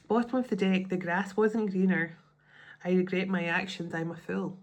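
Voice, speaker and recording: A woman's voice: fairly low pitch, noisy background. A woman giving a tarot card reading. She thinks aloud in a chatty way and often restarts her sentences. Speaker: tarot reader.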